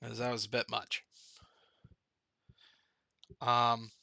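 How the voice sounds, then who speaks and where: Man, bright forceful tone, dry close sound, rambling candid vlogger. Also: medium pitch, flat delivery, slow pace, creaky, no room sound, dull audio. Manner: candid and rambling, recounting a dream. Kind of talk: personal video update.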